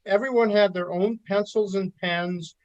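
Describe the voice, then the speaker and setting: An older man with a high voice reminisces in a relaxed, unhurried way about his working years. His audio comes through a bit dull and lo-fi, as over a remote call. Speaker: retired forecaster, guest. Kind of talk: casual recollection on a podcast.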